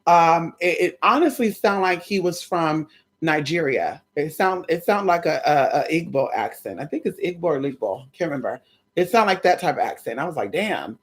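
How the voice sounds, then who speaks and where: A young adult woman telling her viewers a story in a casual, animated way. She swears freely and keeps calling them y'all. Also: deep voice, moderate pace. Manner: animated, chatty, profane, addresses viewers as y'all. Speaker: spiritual content creator.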